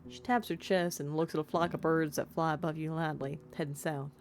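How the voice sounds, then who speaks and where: A woman's voice: low-pitched, fairly even intonation, brisk, a little hiss or hum. A woman streamer playing a story game, reading the text aloud and chatting in a casual, self-deprecating, giggly way. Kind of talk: casual let's-play commentary and narration.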